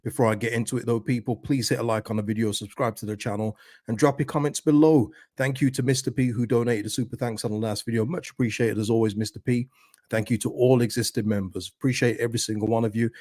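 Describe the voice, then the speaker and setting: A man's voice: medium pitch, steady tone, fast talker, a little mellow, no room sound, studio quality. A man hosting a casual football chat stream, talking straight to his viewers. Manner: chatty, talks straight to viewers. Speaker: football channel host.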